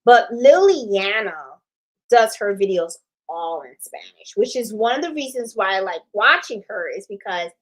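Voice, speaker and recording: A woman's voice: mid-range voice, lively intonation, measured pace, poor audio. A middle-aged woman hosting a crafts channel, chatting casually on a live stream and rambling with lots of "you know" and "okay?". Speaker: host of a sewing and embroidery channel.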